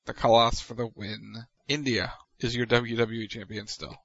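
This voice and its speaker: A man's voice: medium pitch, steady tone, normal speed, creaky, a bit bright, dry recording, dull audio. A man hosting a casual wrestling recap, leading the talk in a dry manner. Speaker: podcast host.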